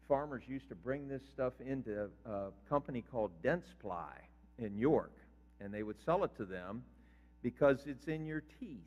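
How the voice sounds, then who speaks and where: An older man, a pastor, preaching a sermon in a conversational way and quizzing his congregation. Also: medium pitch. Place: church sanctuary. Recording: reverberant hall, dull lo-fi sound.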